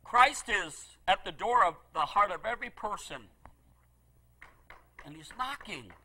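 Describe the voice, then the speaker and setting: A middle-aged male pastor preaching a sermon with passion, repeating phrases and swinging between loud emphasis and soft asides. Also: sits high, animated, unhurried, low-quality recording.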